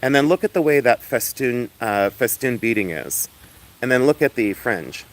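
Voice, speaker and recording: A man with an ordinary mid-range voice talks loudly and flamboyantly on a casual livestream. He chats with viewers from outdoors in the sun and laughs often. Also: medium pitch, expressive, moderate pace. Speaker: livestream host selling and showing jewelry.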